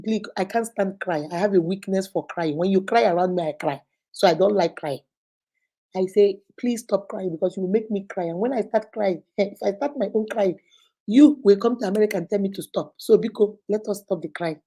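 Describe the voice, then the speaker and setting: A middle-aged Nigerian woman hosting a relationship advice talk, telling a listener's story in a casual, animated way and acting out what people said. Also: medium pitch, brisk, breathy edge. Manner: animated, acts out quoted speech.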